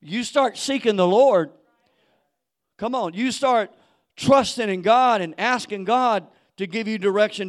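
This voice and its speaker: A man preaching a sermon in casual slang, acting out quoted voices and building to fiery shouts. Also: sits high. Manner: casual street slang, acts out quoted people. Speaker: pastor.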